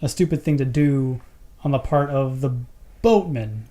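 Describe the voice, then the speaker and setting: A man's voice: medium pitch, animated, unhurried, warm tone. A man co-hosting a podcast, casually questioning a movie's plot holes and laughing easily. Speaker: podcast co-host.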